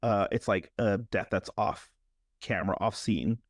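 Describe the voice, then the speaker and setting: Animated male podcast host, dry sound. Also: on the low side, unhurried, no echo. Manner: animated, acts out characters' lines in exaggerated voices. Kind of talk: casual chat recapping a movie.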